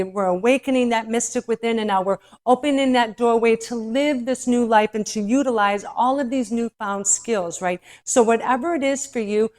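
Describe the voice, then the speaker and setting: Woman guiding a yoga class, gentle and encouraging, a touch breathless, higher-pitched voice. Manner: soothing, encouraging, spiritual phrasing with frequent "right?". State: slightly out of breath. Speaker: yoga instructor. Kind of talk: guided yoga class instruction.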